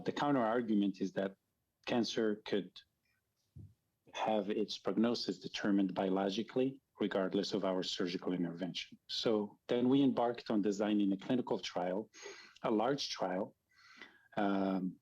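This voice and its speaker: Low, husky-voiced male surgeon, slow and careful, dull lo-fi video-call sound. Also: a little mellow. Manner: measured, careful. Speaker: surgeon guest. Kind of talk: explaining research.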